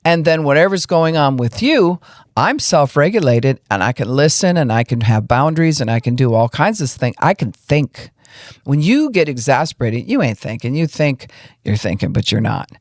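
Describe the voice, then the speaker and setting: A woman pastor hosting a casual teaching podcast, folksy and animated, acting out what she describes. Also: a bass voice, normal speed, dry recording, clean studio sound.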